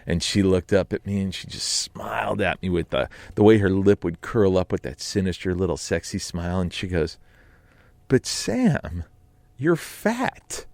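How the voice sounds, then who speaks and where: A man's voice: deep voice, steady tone, brisk, vocal fry, hardly any pauses, a little mellow, no room sound. A man telling a comic story in a radio studio, in a theatrical, self-mocking way. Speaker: storyteller guest.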